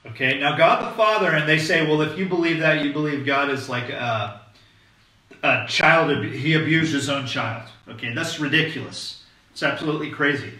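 Male pastor, slightly high, bright voice; conversational, emphatic sermon; distant mic, echoey hall. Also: normal speed. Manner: conversational, emphatic preaching with frequent "okay?" check-ins.

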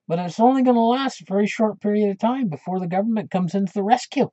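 A man's voice: high-pitched, brisk, hardly any pauses, dark tone, dry recording. A man hosting his own channel, talking in a casual monologue that rambles, with many restarts. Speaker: channel host. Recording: dull lo-fi dry recording.

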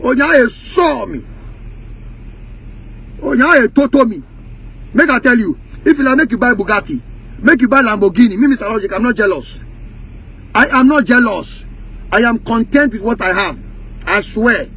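A Ghanaian man speaking in Pidgin English, his voice pitched unusually high for a man. He rants heatedly and mockingly to the camera, now and then breaking into sing-song taunts. His tone has a husky, breathy edge throughout. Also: lively intonation, moderate pace, long pauses, bright, forceful tone. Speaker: music industry commentator.

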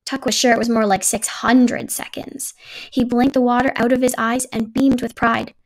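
A woman reads a children's picture book aloud, gentle and even in her telling. Her voice sits a little high with a steady gravelly fry. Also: normal speed. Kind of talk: storybook read-aloud.

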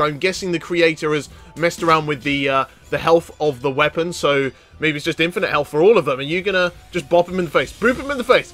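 A man giving excitable let's play commentary, often laughing and shouting at enemies. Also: high-pitched. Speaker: gaming YouTuber.

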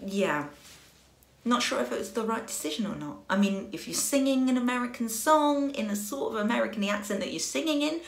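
An English woman talking casually to camera, chatty and rambling, with a self-mocking sense of humor and quick asides. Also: a little high, expressive, vocal fry. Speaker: singer and vlogger. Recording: roomy echo.

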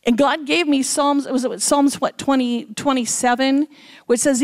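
A middle-aged woman preaches a sermon as guest speaker in a church. Her voice sits a little high. She tells stories with animation and acts out the voices of the people in them. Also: fairly even intonation, normal speed. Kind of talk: sermon storytelling.

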